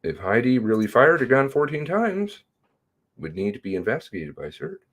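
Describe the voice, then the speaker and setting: A man's voice: medium pitch, big pitch swings, moderate pace, a bit bright. A man hosting a casual livestream, greeting viewers by name and reading chat with a sardonic drawl.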